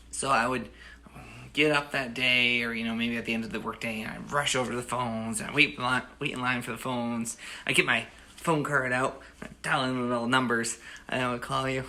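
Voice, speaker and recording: Gravelly man telling a rambling story. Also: mid-range voice, fairly quick, bright, forceful tone. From United States. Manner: rambling, with frequent restarts and "you know". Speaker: storyteller and host. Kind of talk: casual spoken storytelling.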